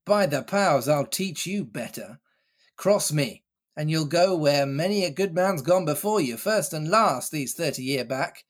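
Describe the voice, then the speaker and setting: A man voicing a gruff old one-legged pirate cook who makes blustering, drawn-out threats. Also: a little high, animated. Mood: menacing.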